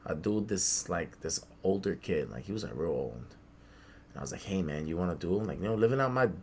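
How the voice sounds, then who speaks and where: A young man from the Bronx telling a childhood story in casual podcast chat, animated, swearing freely and acting out the voices of people he quotes. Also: low voice, fairly quick, vocal fry, a little hiss or hum. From the Bronx, New York. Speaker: podcast co-host. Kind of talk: casual storytelling among friends.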